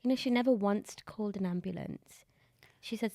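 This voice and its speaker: Brief: British woman, thirties, interview guest; some vocal fry, warm storytelling. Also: mid-range voice, normal speed. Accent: British English. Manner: warm storytelling, laughs often. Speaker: guest, disability activist. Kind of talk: candid interview conversation.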